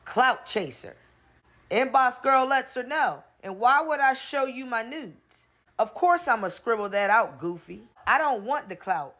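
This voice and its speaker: A woman's voice: a little high, fairly bright tone. A woman hosting a gossip commentary, blunt and sassy, laughing often as she reads posts aloud. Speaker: gossip channel host.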